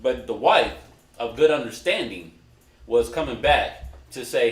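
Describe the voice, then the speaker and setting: A man's voice: mid-range voice, expressive, a little slow. Man teaching a casual Bible class. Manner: conversational, directs readers, restarts often. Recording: roomy echo.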